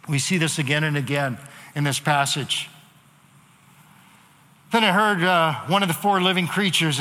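A man's voice: fairly high pitch, bright, forceful tone. A male pastor preaching a sermon in a conversational way, rising into emphatic repeated cries. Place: church hall. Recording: long reverb of a large hall.

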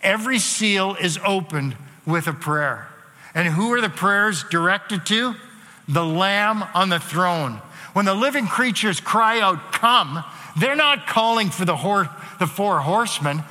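A man's voice: sits high, animated, unhurried, bright, forceful tone. A male pastor preaching a sermon in a conversational way, rising into emphatic repeated cries. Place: church hall. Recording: long reverb of a large hall.

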